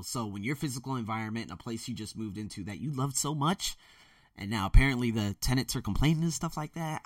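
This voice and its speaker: A young man rants bluntly and heatedly, swearing freely, with a lively pitch that swings up and down. He is recorded in a dry, closed bedroom, sitting a little back from the mic. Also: no echo, far from the mic. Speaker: podcast host. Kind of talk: casual ranting monologue. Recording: dry room, voice a bit off-mic.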